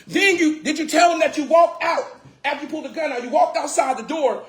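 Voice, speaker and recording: A man telling a personal story casually, animated and repetitive, swearing and getting heated. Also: extremely high pitch, a little fast. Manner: animated, repeats phrases, swears, grows heated and shouts. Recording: roomy echo.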